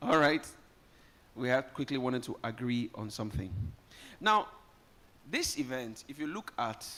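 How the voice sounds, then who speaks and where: A Nigerian man hosting a live summit, joking with guests and rallying the audience from a conference hall. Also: medium pitch. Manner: lively, joking, rallies the audience. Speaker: event host. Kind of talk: live event emceeing.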